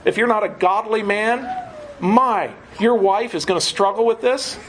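Guy preaching a sermon, pretty high voice, chuckles here n there, faint hum of the room. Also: a little slow, fairly bright tone, rough recording. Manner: earnest teaching with frequent chuckles.

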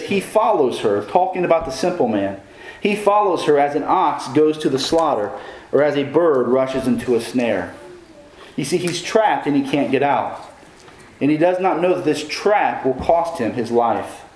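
A man's voice: on the high side, lively intonation, normal speed, darkish tone, a little hiss or hum. Man preaching in an echoey room. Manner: preaching with questions to the congregation. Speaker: pastor. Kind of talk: sermon.

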